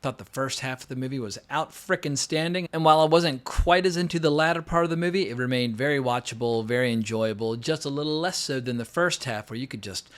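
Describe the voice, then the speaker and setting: A man talks through a movie review at a quick clip. His voice sits at a middle pitch, and his delivery is loose, opinionated and peppered with swearing. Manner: casual, opinionated, with frequent swearing and fillers. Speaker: film reviewer. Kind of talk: unscripted movie review monologue.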